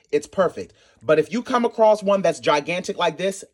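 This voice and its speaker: A man from Maryland hosting a casual cooking tutorial in his home kitchen, sassy and animated, calling viewers honey and swearing casually. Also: high-pitched, moderate pace, hardly any pauses. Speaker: cooking channel host.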